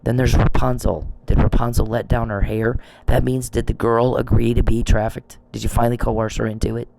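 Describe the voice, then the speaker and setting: A man's voice: mid-range voice, creaky, a little mellow. A man delivering an agitated, accusing monologue, swearing freely and repeating himself for emphasis. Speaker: vlogger. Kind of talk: ranting monologue.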